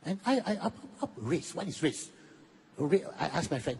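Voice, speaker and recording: A Malaysian man in his fifties doing stand-up comedy in a lively storytelling way, acting out other people as he goes. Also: normal speed, a little hiss or hum. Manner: animated, acts out other people with a high put-on voice. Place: large hall on stage. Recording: reverberant hall with audience ambience.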